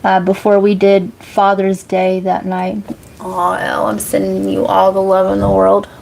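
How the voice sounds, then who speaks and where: A woman's voice: mid-range voice, monotone, measured pace, gravelly, a little mellow, slight background noise. A woman, chatting casually on a livestream as a psychic reader, laughing often and cursing freely. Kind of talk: casual live chat reading comments.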